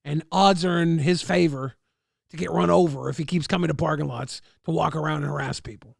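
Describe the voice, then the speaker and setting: Gravelly, sarcastic male streamer. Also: on the high side, fairly even intonation, brisk, no room sound, clean studio sound. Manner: sarcastic, profane, mocking. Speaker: streamer reacting to a video. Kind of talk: live reaction commentary.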